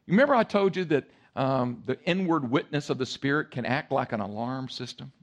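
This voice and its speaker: A male pastor preaching a sermon, telling a story in a lively way and acting out voices and sounds. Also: medium pitch, a little fast.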